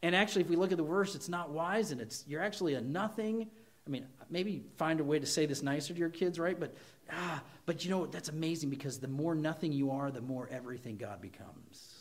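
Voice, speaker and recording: A man delivering a sermon in a high-pitched voice. He preaches with animated energy, leaning hard into emphatic lines and playing out quoted voices as he goes. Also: fairly quick. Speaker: pastor.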